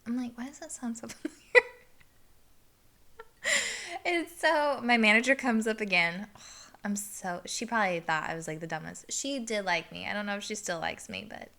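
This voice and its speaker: A woman's voice: mid-range voice, expressive, moderate pace, bright, forceful tone. A woman hosting a podcast, telling a story in a casual, chatty way with laughs and plenty of fillers. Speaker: podcast host.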